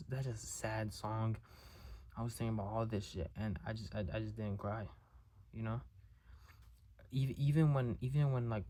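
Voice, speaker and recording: A young man talking through a raw, halting monologue, emotional and near tears, repeating words and swearing often. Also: lowish voice, dark tone. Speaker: vlogger. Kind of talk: confessional monologue to camera.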